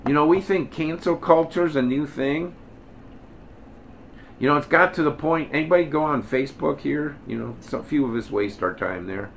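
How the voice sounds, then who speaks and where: A man's voice: fairly high pitch, moderate pace, vocal fry, slight background noise. A man leading an informal Bible study, talking bluntly and folksy, mockingly acting out the Pharisees.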